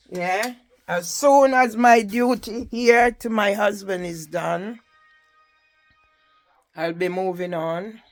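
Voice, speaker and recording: A woman's voice: fairly low pitch, creaky. An older woman with a Jamaican accent, giving an impassioned personal testimony and often asking the listener "Yeah?". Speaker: campaigner telling her story.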